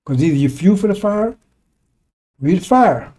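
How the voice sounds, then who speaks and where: A man's voice: sits high, expressive, moderate pace, warm tone. A man giving an informal preaching monologue, talking conversationally and drilling his points with repeated asides like "see?" and "right?". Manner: repetitive, emphatic drilling of points. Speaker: religious commentator.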